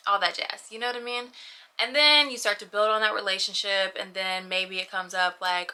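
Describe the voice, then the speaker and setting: A woman's voice: medium pitch, fairly even intonation, moderate pace, sharp tone. A young woman talking casually and animatedly to her camera in a personal vlog, often adding "you know what I mean.". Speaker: vlogger.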